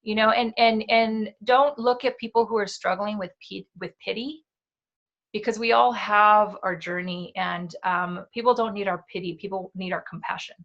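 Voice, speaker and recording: A woman in her forties co-hosts a relaxed talk show, speaking with open emotion. She talks in a loose, heartfelt way, full of fillers and asides that check in with her listeners. Her voice sits in the middle of the pitch range. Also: moderate pace, lo-fi sound. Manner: heartfelt and emotional, with many fillers and tag questions. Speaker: co-host. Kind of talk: casual chat.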